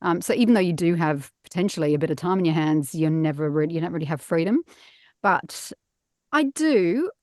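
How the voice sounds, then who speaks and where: Aussie woman in her middle years, low-ish voice, laughs at herself a lot, dead dry padded booth. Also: expressive, brisk, darkish tone, dry recording. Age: middle-aged. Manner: self-mocking, laughs often. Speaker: guest voice actor. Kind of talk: casual interview chat. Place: padded home recording booth.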